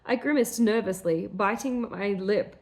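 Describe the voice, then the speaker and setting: A woman's voice: mid-range voice, a little slow, darkish tone. A woman reads passages of her own old fiction aloud on a podcast, now and then breaking off to mock her writing. Her voice sits in a middle register and her delivery is casual. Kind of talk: reading aloud with casual commentary.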